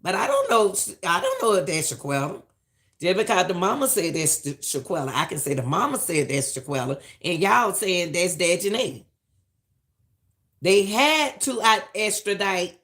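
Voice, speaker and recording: A woman's voice: lowish voice, very animated, moderate pace, fairly bright tone. A middle-aged woman giving emphatic, preachy live-stream commentary and repeating lines for stress.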